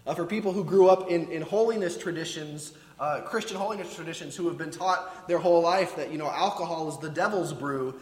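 A man's voice: a little high, fairly quick, hardly any pauses. A man preaching a conversational sermon with casual asides, often restarting his words. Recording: echoey hall with long reverb.

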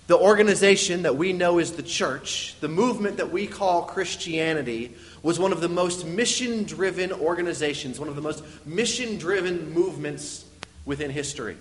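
A man's voice: a little high, moderate pace, a little hiss or hum. A young adult man giving a sermon, speaking earnestly and explaining step by step, with frequent fillers. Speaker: preacher. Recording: long reverb of a large hall.

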